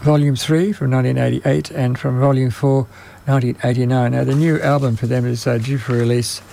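A man hosts a music radio show in a mid-pitched voice, stopping often to search for words. His voice is fading and slightly strained, as if he is losing it. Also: steady tone, gravelly, mellow, slight background noise. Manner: halting, many ums and uhs. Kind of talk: unscripted radio presenting.

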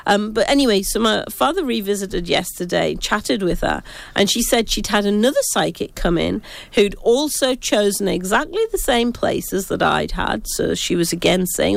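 Gravelly woman telling ghost stories. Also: mid-range voice, lively intonation, moderate pace, no room sound. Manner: rambling, self-interrupting storytelling. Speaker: psychic. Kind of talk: casual ghost-story chat.

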